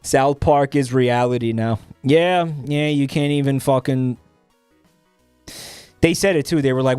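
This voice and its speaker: A man's voice: mid-range voice, unhurried, pauses often, darkish tone, clean tone, no room sound, soft background music. A young man streaming, chatting casually while reading posts, profane and rambling with many restarts.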